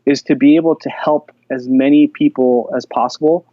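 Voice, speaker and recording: A man telling stories as a podcast guest, casual and animated, with lots of fillers. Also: mid-range voice, normal speed, dry recording, dull audio. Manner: animated storyteller, many fillers. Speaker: guest, jiu-jitsu black belt instructor.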